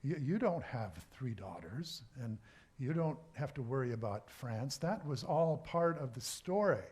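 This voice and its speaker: A pastor voicing a patient, insistent friend. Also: male voice, medium pitch, lively intonation, unhurried, darkish tone, natural voice. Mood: gently questioning. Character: patient, reassuring male friend.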